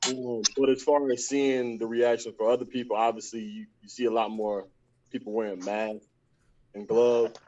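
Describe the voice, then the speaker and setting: A man's voice: medium pitch, little pitch movement, moderate pace, darkish tone, slight background noise. A man who works as a trucker, talking hesitantly with many fillers in a group voice chat. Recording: distant, muffled phone connection.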